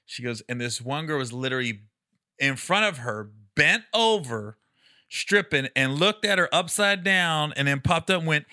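A man telling comedy stories on a casual podcast, acting out quotes in high squeaky voices and laughing often. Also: moderate pace, no echo, clean studio sound. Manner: animated storyteller who acts out quotes with high squeals and laughs. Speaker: comedian guest.

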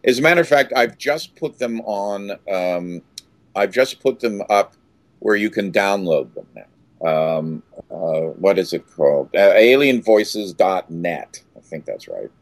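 An older man tells a story as an interview guest, his lowish voice swinging widely in pitch as he stumbles through restarts. He breaks into loud, acted exclamations now and then. The recording is dry and close. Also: lively intonation, unhurried, no echo.

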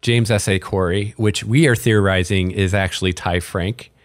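A man hosting a podcast in a relaxed, chatty way, with casual fillers and dry sarcasm. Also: fairly low pitch, normal speed, no echo. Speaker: podcast host. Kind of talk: casual chat.

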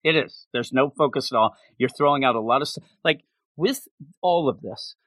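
A man co-hosting a casual comic book podcast, animated and fond of mocking character voices. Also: medium pitch, normal speed, no room sound, clean studio sound. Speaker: podcast co-host.

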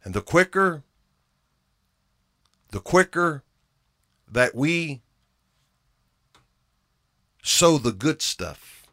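A man's voice: fairly high pitch, sing-song, extremely slow, long pauses, a bit bright. A man preaching a sermon in an earnest way, often repeating phrases and restarting his words for emphasis.

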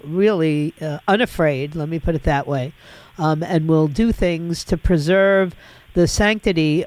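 Woman, talk radio host, indignant, emphatic, halting fillers, dry close studio sound. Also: medium pitch, darkish tone, no echo. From Florida.

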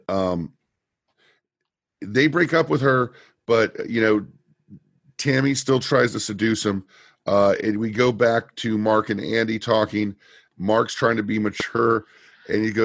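A man co-hosting a podcast, casually recapping a TV episode and retelling scenes in an animated way. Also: on the low side, measured pace, creaky, long pauses, no echo, clean studio sound. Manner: animated retelling with quoted lines and laughs. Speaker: podcast co-host.

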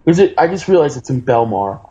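A man's voice: medium pitch, very animated, fast, dark tone, dull audio. A man co-hosting a casual comedy podcast, brash and swearing a lot.

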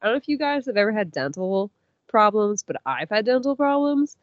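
A woman co-hosts a podcast, recapping a story with a chatty, animated flow and plenty of "like"s. Her voice sits at an ordinary pitch, and the recording sounds dull and lo-fi, with a dry, close sound. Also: fairly quick, dry recording. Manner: chatty, animated retelling with many "like"s. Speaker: podcast co-host. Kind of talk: casual chat recapping a show.

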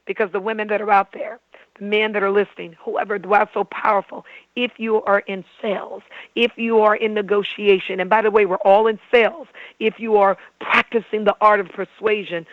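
A man's voice: sits high, dry recording, narrow, tinny audio. A man speaking as a guest communication trainer in an interview, emphatic and persuasive. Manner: emphatic, persuasive, acts out examples. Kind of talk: animated interview talk.

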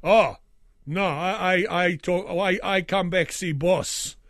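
A man's voice: high voice, slow, dry recording, studio quality, voice pushed up, heavily acted. A man voicing a stubborn middle-aged European immigrant customer, with a put-on generic European accent and broken English. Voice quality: loud, broken English, insistent.

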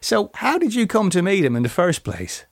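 A man's voice: high voice, huge pitch swings, normal speed, creaky, dry recording, studio quality, voice pushed up, exaggerated voice. A man voicing a playful, teasing man in a spoken story. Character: joking Irish man, teasing and easygoing.

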